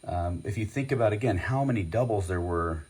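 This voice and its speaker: Chatty low-voiced man opening card packs. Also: lively intonation, a little fast, a little mellow, breathy edge. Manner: chatty, rambling, with many fillers. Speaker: host. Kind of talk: casual card-opening vlog.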